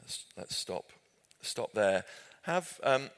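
With a low voice that swings widely in pitch, a British Bible study leader talks slowly to his group. His style is relaxed and conversational, with gentle humor and frequent restarts as he corrects himself.

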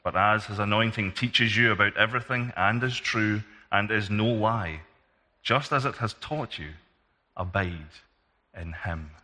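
Scottish man reading scripture, bright tone. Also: fairly low pitch. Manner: steady, measured reading. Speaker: scripture reader. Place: church. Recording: long hall reverb.

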